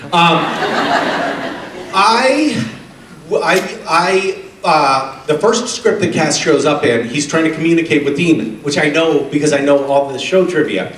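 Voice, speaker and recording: A middle-aged man telling funny stories to a convention crowd, animated and often laughing. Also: unhurried, slight background noise. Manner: animated, laughing, drops into a deep gravelly put-on voice for quotes. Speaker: convention panel guest. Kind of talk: casual storytelling on stage. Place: convention hall stage. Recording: echoey hall, distant mic.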